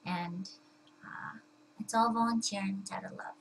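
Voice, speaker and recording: A woman's voice: medium pitch, fairly even intonation, moderate pace, fairly bright tone, slight background noise, low-quality recording. A young woman talking casually to the camera at home, chatty and full of fillers and restarts. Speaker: vlogger.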